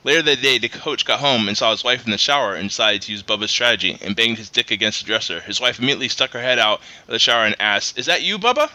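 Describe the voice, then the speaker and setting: A man's voice: on the low side, fast talker, few pauses, sharp tone. A man co-hosting a comedy podcast, reading crude listener jokes in a laid-back way. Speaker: podcast co-host. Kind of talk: casual comedy podcast chat.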